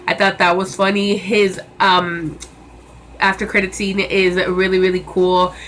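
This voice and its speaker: A woman's voice: mid-range voice, little pitch movement, unhurried, a bit bright, slight background noise. A young woman reviewing a movie in a casual vlog, chatty and enthusiastic, with many fillers and repeated words.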